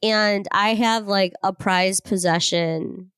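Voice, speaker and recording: A woman's voice: mid-range voice, fairly even intonation, takes it slowly, a bit bright, clear, resonant tone, dry recording, studio quality. A woman co-hosting a podcast, chatting casually and laughing often while telling a frustrated story. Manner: laughs often, plays up frustrations for comic effect. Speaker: podcast co-host. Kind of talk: casual chat.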